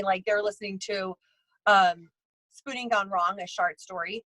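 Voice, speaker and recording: A woman's voice: mid-range voice, steady tone, normal speed, bright, forceful tone, dry recording, rough recording. Chatty woman telling stories, dry sound. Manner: rambling, with many restarts and fillers; acts out other people's lines in her stories. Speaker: psychic medium and bridal tailor, podcast guest. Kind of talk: casual interview storytelling.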